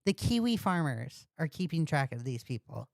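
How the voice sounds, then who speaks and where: Woman livestreamer, ranting commentary, profane, indignant, lowish voice, dry close sound. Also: very animated, moderate pace, vocal fry, a little mellow, dry recording. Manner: profane, indignant, repetitive insults. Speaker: commentary streamer.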